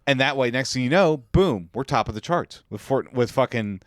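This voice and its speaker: A man co-hosting a comedy podcast, excitedly pitching absurd schemes in casual, crude banter into a podcast mic. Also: normal speed, no echo, studio quality. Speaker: podcast co-host. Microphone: podcast microphone.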